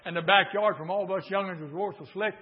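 Male revival preacher. Pitched high, swings from hushed pleading to full shouts. Dull, lo-fi recording. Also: fairly even intonation, fast, husky. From southern Indiana, USA. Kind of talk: revival sermon.

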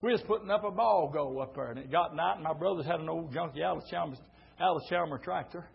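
A middle-aged man preaching a sermon, telling stories and swelling into shouted preaching, heard on a dull lo-fi church recording. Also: a little high, fast talker, creaky, husky.

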